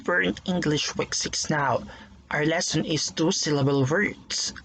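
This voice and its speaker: Teacher, recorded lesson for young pupils, slow and careful, gravelly voice, faint background hiss. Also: mid-range voice, fairly bright tone, low-quality recording. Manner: slow, careful, sounding out words syllable by syllable.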